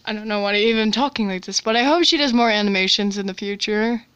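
A woman's voice: medium pitch, quick pace, a bit bright, clear, resonant tone, no room sound. A woman hosting a casual reaction video, chatting playfully with rambling asides.

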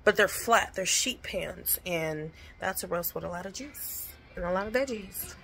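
A woman's voice: lowish voice, animated, moderate pace, gravelly, fairly bright tone, a little hiss or hum. A woman chatting bluntly in a casual home vlog from her kitchen, swearing freely and talking with her lips barely open. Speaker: vlogger.

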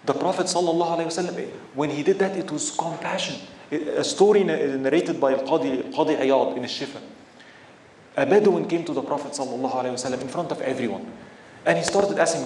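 A man delivering a religious lecture with a fairly high voice, animated and full of rhetorical questions. The sound carries a clear echo from the room, with faint ambient noise underneath. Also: fast talker. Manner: animated, asks the audience frequent rhetorical questions. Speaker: Islamic teacher.

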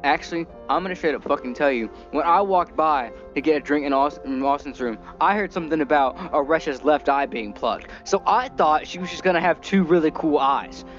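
A man's voice: a little high, a little fast, hardly any pauses, a bit bright, muffled recording, faint music behind. A man playing in a tabletop game, reacting with incredulous, swearing banter. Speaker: player. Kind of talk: tabletop role-play chat.

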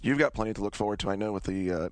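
A man co-hosting a podcast, chatting excitedly about game news and moving between topics. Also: on the low side, racing, no room sound. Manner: excited, news-reading segues. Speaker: podcast co-host. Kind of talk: casual chat.

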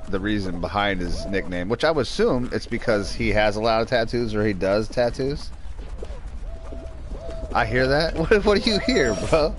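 A young man streams a game with loose, joking commentary, rambling along and getting riled up at other players. His voice sits a little low, and a steady hiss of background noise runs under the recording. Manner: joking, rambling, flares up at teammates. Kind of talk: casual gameplay commentary.

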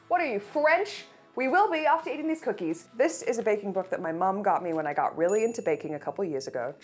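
A woman's voice: mid-range voice, lively intonation, fast, few pauses, breathy edge. Woman, thirties, baking show host, playful, chatty, jokey asides, faint music behind. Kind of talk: casual chatty baking tutorial.

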